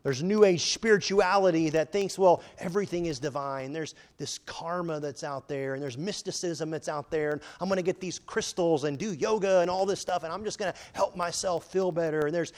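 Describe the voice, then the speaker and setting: A man preaching a sermon, emphatic, often rising and falling in loudness, quoting scripture in old-fashioned wording. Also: on the high side, brisk, hardly any pauses. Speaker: pastor.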